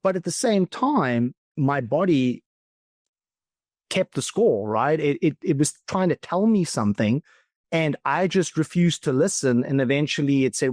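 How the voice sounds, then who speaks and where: A man from South Africa, a philosophical coach, talking as a podcast guest in a thoughtful, reflective way that often slows down and stretches words. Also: on the high side, animated, darkish tone, no room sound, clean studio sound. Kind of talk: reflective conversational talk.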